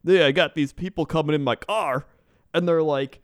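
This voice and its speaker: A man's voice: a little high, moderate pace, no room sound, studio quality, pitched above the performer's own voice, natural voice. A man voicing a brash middle-aged male rideshare driver with a put-on Canadian-tinged accent, ranting and boastful.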